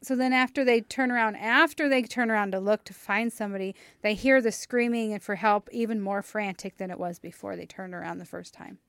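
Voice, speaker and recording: A woman recounts a local legend to her co-hosts in a loose, conversational way. She fills her pauses with ums and likes. Her voice sits at a middle pitch, and the sound is dry and close. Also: dry recording. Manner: relaxed storytelling with fillers. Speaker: podcast co-host. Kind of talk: casual chat.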